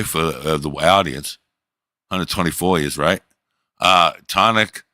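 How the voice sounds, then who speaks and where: A middle-aged man with a very low voice that still has a bright, forceful edge, hosting a livestream in casual chat. He talks in a crude, boastful way and teases his listeners. The sound is dry and close to the mic. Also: clean tone, dry recording. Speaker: livestream host.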